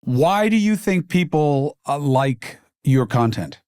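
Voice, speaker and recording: A man's voice: fairly high pitch, very animated, slow pace, darkish tone, smooth, no echo, studio quality. A man hosting an interview, blunt and assertive, cutting in to push his own opinions. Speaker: podcast host, interviewer.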